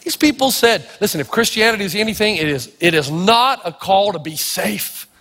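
A male pastor from Tennessee preaching a sermon full of stories, acting out voices and shouting for emphasis. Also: sits high, animated, normal speed, in a large hall. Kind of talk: sermon with storytelling.

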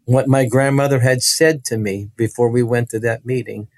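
Male guest, earnest testimony, halting delivery, dry close sound. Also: medium pitch, steady tone, dry recording. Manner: earnest, halting, restarts with laughs. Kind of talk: personal testimony storytelling.

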